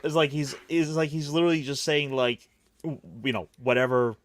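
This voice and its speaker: A man's voice: on the high side, steady tone, a little fast. A man hosting a casual roundtable chat, recapping with wry, mocking asides. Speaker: podcast host.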